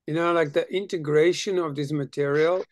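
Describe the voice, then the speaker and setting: A woman's voice: low voice, steady tone, moderate pace, a little mellow, no echo, studio quality. A woman leading a group discussion, affirming the others and saying "beautiful" often.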